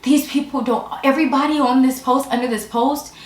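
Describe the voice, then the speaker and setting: A mother co-hosting a family vlog, telling the story in an excitable, animated way. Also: high voice, fairly quick. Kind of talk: casual chat. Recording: echoey room.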